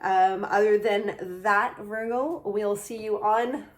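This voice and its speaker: Excitable woman giving a tarot reading. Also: medium pitch, slow. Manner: enthusiastic, excitable, gushing; spiritual, affirming tone addressing the viewer directly. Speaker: tarot reader. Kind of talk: channeled tarot reading to camera.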